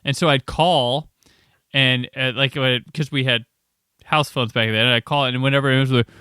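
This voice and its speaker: A man's voice: medium pitch, moderate pace, smooth, no room sound, clean studio sound. A man hosting a podcast and chatting casually, telling stories and acting out the voices of people he quotes. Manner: animated storyteller, acts out quoted voices. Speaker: podcast host. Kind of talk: casual chat.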